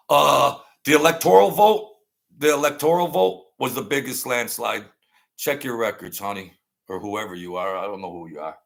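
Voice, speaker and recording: Brief: male commentary host, gravelly mid-range voice, combative and sarcastic rant. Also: mid-range voice, a little slow, pauses often. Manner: combative and sarcastic, repeats lines for emphasis. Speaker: political commentary channel host. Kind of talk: ranting political commentary.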